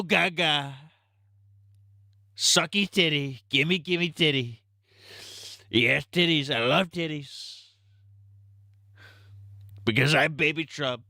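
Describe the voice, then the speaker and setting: A man doing a high, gurgling baby voice. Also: gravelly, bright, forceful tone, dry recording, studio quality, exaggerated voice. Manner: high, slow baby talk with gurgling sounds. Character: greedy, babbling male talking baby.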